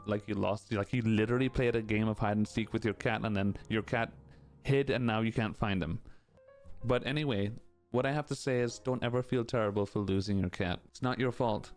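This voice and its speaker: A man's voice: mid-range voice, normal speed, faint music behind. A man streaming and answering chat questions in casual, rambling chat, candid and full of "like" and "you know".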